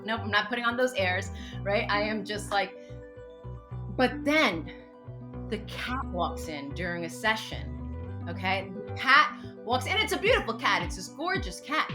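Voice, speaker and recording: A woman in her forties, a podcast guest, telling a personal story in a dramatic, expressive way and laughing often. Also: fairly high pitch. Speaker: podcast guest, teacher and meditation coach. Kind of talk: animated storytelling in an interview.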